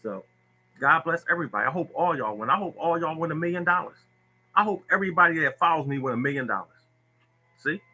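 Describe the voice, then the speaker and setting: A man hosting a lottery livestream talks bluntly to his viewers and hammers every point home by repeating it. His voice is very bright and sharp, with a husky, raspy edge. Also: on the high side, expressive, fast, poor audio. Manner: blunt, preachy, repeats himself. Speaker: lottery tips host. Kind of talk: livestream talk answering viewers.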